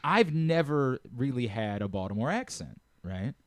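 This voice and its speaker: A man's voice: medium pitch, very animated, moderate pace, no echo. A man hosting a casual sports talk radio show in a studio, chatting and reading promos. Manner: conversational, reads promos. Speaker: radio host. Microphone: studio microphone.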